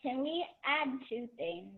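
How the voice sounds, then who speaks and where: A woman's voice: sits high, expressive, takes it slowly, gravelly, dry recording. A woman who joined an online art class explains her drawing a little tentatively. Her voice rises and falls a lot, and it comes through a tinny, phone-like video call line. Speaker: class participant. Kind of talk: casual video call talk.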